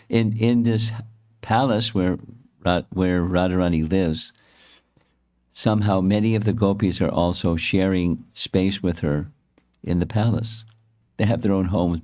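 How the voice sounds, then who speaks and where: A man giving a devotional storytelling lecture as a spiritual teacher, pausing and correcting himself often. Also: low-pitched, a little mellow. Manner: halting, frequent self-corrections and restarts.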